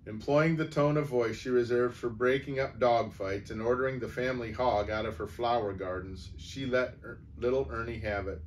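A man reading a humorous story aloud in an unhurried, wry way, with the odd small stumble. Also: medium pitch. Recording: voice from far off the mic, faint noise.

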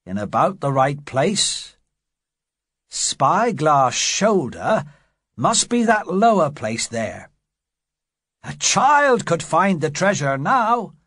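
Man playing a greedy pirate chief, raised voice, slow and forceful, storybook. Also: a little high, very animated, no room sound, studio quality, voice pushed up, heavily acted. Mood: scheming. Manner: forceful, blustering. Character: greedy defiant old pirate leader, man.

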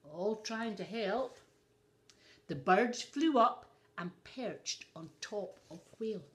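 A woman's voice: mid-range voice, lively intonation, takes it slowly. A woman reading a picture book aloud to children, adding asides for young listeners. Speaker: storyteller.

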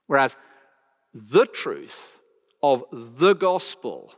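A British man preaching in a big church, his voice ringing with a long reverb. He speaks slowly and deliberately, with a lively, rising and falling pitch. His delivery is earnest and emphatic, and he returns again and again to key phrases. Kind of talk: expository sermon.

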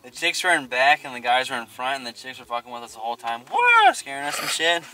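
A young man casually telling a spooky story, animated and profane, laughing often. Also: mid-range voice, fast talker, faint music behind. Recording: distant mic.

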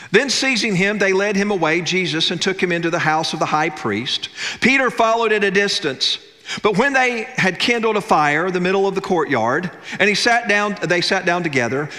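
A man's voice: sits high, pushed and bright, in a large hall. A male senior minister preaching a sermon, telling a scripture story, acting out its quotes and calling for amens. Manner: storytelling preacher, acts out quotes, calls for "amen". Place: church sanctuary.

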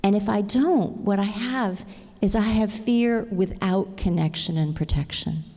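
A woman's voice: medium pitch, a little slow, mellow. A middle-aged woman giving a conference plenary talk, earnest and engaging, often checking in with the audience. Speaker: conference speaker. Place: large conference hall. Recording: long reverb of a large hall.

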